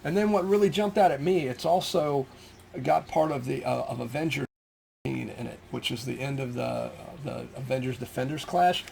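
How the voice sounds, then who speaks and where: A man's voice: mid-range voice, moderate pace, vocal fry, a little mellow, a little hiss or hum. A middle-aged man from the United States chatting casually about a collection, rambling with lots of ums and restarts. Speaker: comic collector showing his finds. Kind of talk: casual show-and-tell chat.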